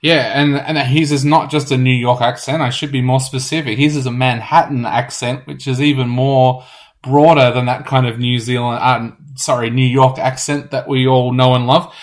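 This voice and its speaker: A man's voice: mid-range voice, steady tone, normal speed. Enthusiastic radio host, man. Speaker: radio host reviewing a musical. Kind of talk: casual review chat.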